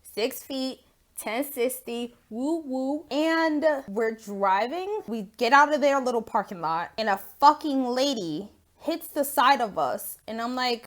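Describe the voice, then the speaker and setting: A woman's voice: high voice, a little slow. Young woman telling a story on her phone. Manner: animated, swears freely, acts out quotes. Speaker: vlogger. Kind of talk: casual storytime vlog.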